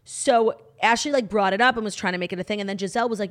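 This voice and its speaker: Woman cohost gossiping fast, swears a lot, super casual chat. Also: mid-range voice. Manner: gossipy, quick, swears freely. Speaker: podcast co-host.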